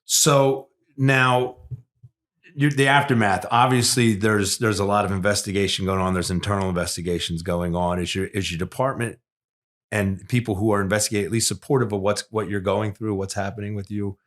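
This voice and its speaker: A man's voice: lowish voice, fairly even intonation, a little fast, fairly bright tone. A man hosting a podcast interview, who asks guiding questions in a supportive, casual way. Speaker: podcast host.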